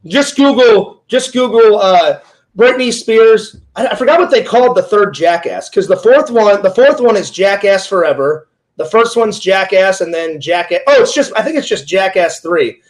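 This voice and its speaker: A man's voice: sits high, low-quality recording. A man hosting a casual interview, playful and joking, telling long rambling stories. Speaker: interview host, Twitch streamer. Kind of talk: casual chat.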